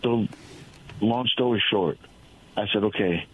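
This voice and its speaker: A man's voice: lowish voice, measured pace, breathy edge. A male caller sharing an earnest testimony over the phone, repeating words for emphasis. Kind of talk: call-in testimony. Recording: tinny phone line.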